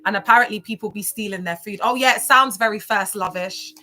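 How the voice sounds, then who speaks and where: A woman chatting casually on a livestream, animated and chatty, reacting to viewer comments. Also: mid-range voice, fairly quick.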